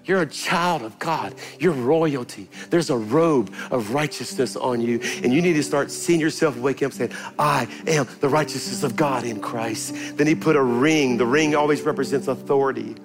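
A man's voice: medium pitch, moderate pace, few pauses, music in the background. An older man preaching a sermon as a pastor, telling family stories and leading a prayer. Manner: animated storytelling, rising to forceful preaching then quiet prayer. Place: church sanctuary.

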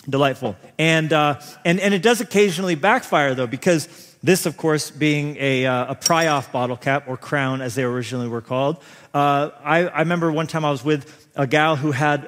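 A man's voice: a little high, normal speed. Self-deprecating male preacher in a reverberant hall. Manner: animated, self-deprecating, humorous storyteller. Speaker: pastor. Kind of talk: sermon with personal storytelling. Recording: long reverb of a large hall.

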